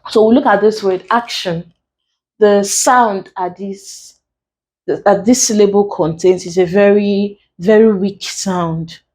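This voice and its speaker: A woman's voice: mid-range voice, steady tone, slow pace, darkish tone. A woman teaching an exam lesson, explaining rules patiently step by step. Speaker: English exam tutor. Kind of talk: recorded classroom lesson.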